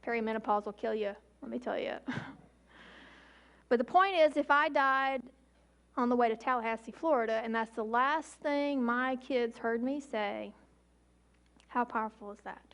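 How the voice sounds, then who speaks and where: High-voiced woman giving an emphatic talk. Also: fairly bright tone. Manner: emphatic, with slow deliberate pauses. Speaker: emergency physician speaker. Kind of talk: public talk.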